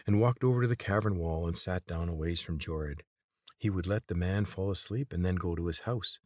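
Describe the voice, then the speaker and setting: Deep-voiced man narrating a story. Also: brisk, darkish tone, dry recording, clean studio sound. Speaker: audiobook reader.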